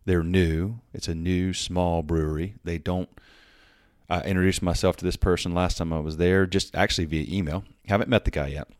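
A man's voice: low voice, steady tone, normal speed, no echo, studio quality. A man telling a work story casually, full of fillers and restarts, acting out the quoted dialogue. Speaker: podcast host telling a story.

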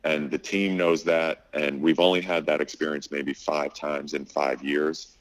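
A man's voice: a bass voice, measured pace, rough recording. A middle-aged man who owns a restaurant, telling a story in a casual interview, acting out what people said, with lots of fillers. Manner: animated storyteller, acts out quotes, many fillers. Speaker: restaurant owner.

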